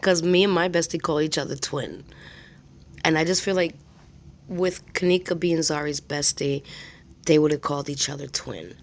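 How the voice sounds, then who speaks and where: A woman's voice: low-pitched, normal speed, gravelly. A woman hosting a spirit box session, thinking aloud in a hesitant, musing way. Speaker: host.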